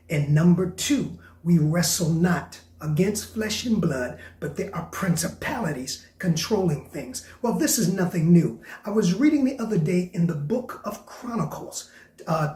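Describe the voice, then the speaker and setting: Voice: medium pitch, mellow. Emphatic repetitive preacher in a roomy space. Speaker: preacher hosting a faith broadcast. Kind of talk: sermon.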